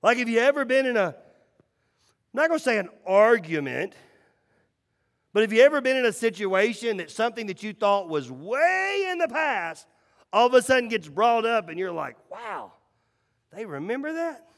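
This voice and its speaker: A middle-aged man preaching a sermon, telling stories and swinging between loud and hushed lines. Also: very high voice, big pitch swings, moderate pace. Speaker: pastor. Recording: echoey hall reverb.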